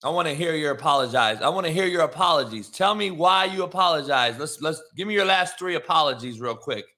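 Man, live stream host, confrontational profane rant, high-pitched, sharp tone. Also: lively intonation, brisk. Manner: profane, confrontational, mocking, shouts at chat.

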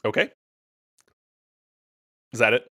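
A man runs a tabletop game as its game master. He talks casually and often trips over a word before he settles on it. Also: bright, forceful tone. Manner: halting, casual, self-correcting.

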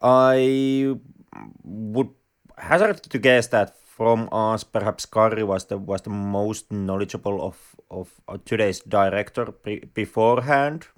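A man's voice: on the low side, clear, resonant tone. A man co-hosting a casual film podcast, speaking in a wordy, rather formal way. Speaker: podcast co-host.

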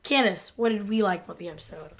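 A woman's voice: mid-range voice, fast, a little hiss or hum. A woman co-hosting a podcast, laid-back and teasing, who laughs easily while recapping an episode. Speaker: podcast co-host. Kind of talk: casual episode recap chat.

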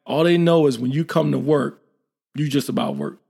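A man talks in a loose, animated way, often slipping into quoted voices. His voice has a gravelly edge and sits a bit high for a man. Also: moderate pace. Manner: animated, acts out quoted dialogue. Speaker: military leader. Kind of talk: casual podcast chat.

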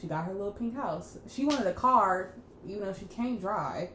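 A young woman co-hosting a podcast, chatting casually and acting out quoted lines with loud, laughing bursts. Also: mid-range voice, normal speed. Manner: animated storyteller, acts out quotes loudly with laughter. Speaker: podcast co-host. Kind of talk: casual chat. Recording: echoey room with faint background noise.

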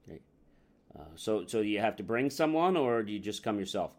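Brief: pushy prying salesman, quick and eager, voiced by a man in a role-play. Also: lowish voice, animated, darkish tone. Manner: chatty, eager, nosy.

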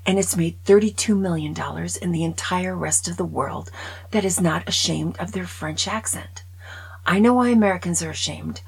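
A woman's voice: lowish voice, moderate pace, creaky, husky, poor audio. A woman chatting casually in her own video movie review, opinionated and dropping often into whispers.

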